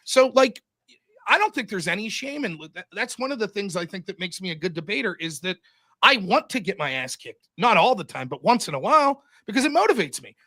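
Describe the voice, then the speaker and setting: A man in casual podcast chat, telling stories in an animated, profane way into a close mic. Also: sits high, fairly quick. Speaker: podcast host and debater.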